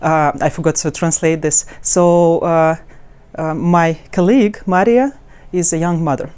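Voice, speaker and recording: This soft-toned woman, a language teacher, has a deep, smooth voice as she walks the camera through pronunciation. She stumbles through frequent restarts and fillers, yet pronounces example words slowly and melodically.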